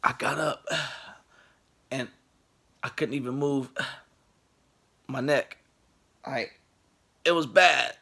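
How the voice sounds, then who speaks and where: A man in his late twenties telling a funny personal story in a casual, animated way, laughing and acting out the people in it. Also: medium pitch, drawn-out words, gravelly, pauses often. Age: late 20s.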